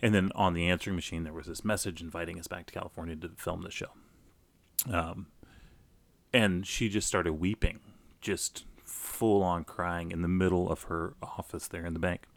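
A middle-aged man telling a personal story casually, animated, with many restarts. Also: sits low, moderate pace, gravelly, dry recording. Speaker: guest storyteller.

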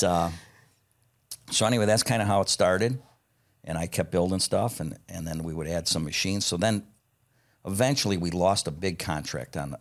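A middle-aged man telling stories in a casual interview, blunt and profane, often laughing as he talks. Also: deep voice. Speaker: guest, parts company founder.

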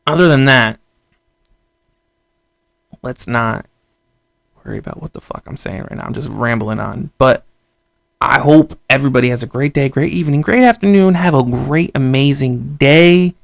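A man's voice: mid-range voice, normal speed, creaky, long pauses, dry recording. A young man giving an emphatic, profanity-filled rant to camera, stammering and repeating himself. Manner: profane, repetitive, emphatic ranting; stammering restarts. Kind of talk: casual vlog rant.

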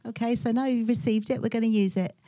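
A woman giving instructions to a group in a brisk, friendly way, with laughing asides. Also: fairly high pitch, fairly even intonation, mellow, no room sound. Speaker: workshop leader.

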